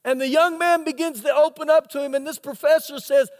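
A man's voice: extremely high pitch, steady tone, brisk. A male pastor preaching a sermon, telling a story dramatically and asking rhetorical questions. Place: church sanctuary. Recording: long reverb of a church hall.

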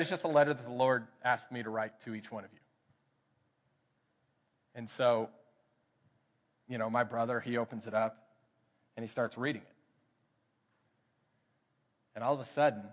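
A man's voice: mid-range voice, moderate pace, long pauses. A man with a Texan accent, a pastor telling a personal story in a sermon and acting out the voices in it. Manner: animated storytelling, acts out quoted voices. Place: church sanctuary. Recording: church hall reverb.

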